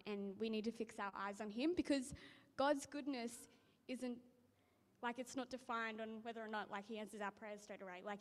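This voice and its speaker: A woman reading scripture and sharing a casual testimony in church, with lots of ums and likes. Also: medium pitch. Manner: chatty, many ums and likes. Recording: reverberant church hall.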